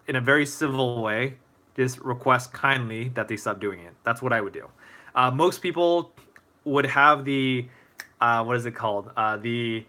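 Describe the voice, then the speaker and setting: Bright-voiced man hosting a live Q&A. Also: mid-range voice. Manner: relaxed, rambling, many fillers and restarts. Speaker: motivational speaker answering viewer questions. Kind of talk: casual live Q&A.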